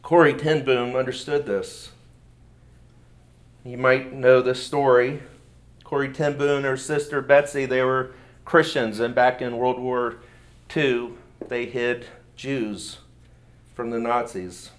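A man's voice: medium pitch, steady tone. Earnest male preacher mid-sermon. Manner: earnest, halting with repeated words. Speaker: pastor.

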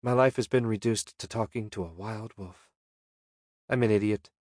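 A man voicing a calm, kind young woman in an audiobook, speaking gently. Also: lowish voice, normal speed, no room sound, studio quality, lightly acted. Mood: gentle.

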